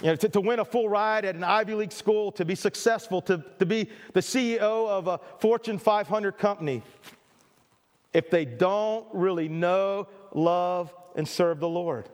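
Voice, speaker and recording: A man's voice: high voice, normal speed. A middle-aged male pastor preaching a sermon, earnest and emphatic, with stammered restarts and repeated phrases. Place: church hall. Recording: reverberant church hall.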